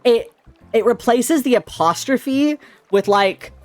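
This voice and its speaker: Animated male streamer chatting with viewers. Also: extremely high pitch, slow pace, no echo, faint music behind. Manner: animated, swings between loud and quiet; casual, swears often. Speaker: live streamer. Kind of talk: casual live-stream chat with viewers.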